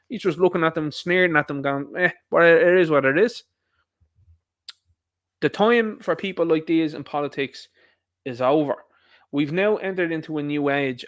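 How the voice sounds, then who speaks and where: An Irish man delivers a scornful, combative rant, hammering his points home by repeating them. His voice sits a little higher than most men's, and the sound is close and dry. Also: no room sound. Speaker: online commentator. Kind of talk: ranting video commentary.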